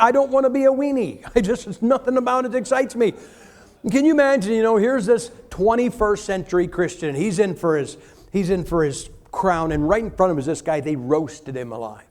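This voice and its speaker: Animated, higher-pitched male preacher. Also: fairly quick. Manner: humorous, animated storytelling with acted asides. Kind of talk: sermon.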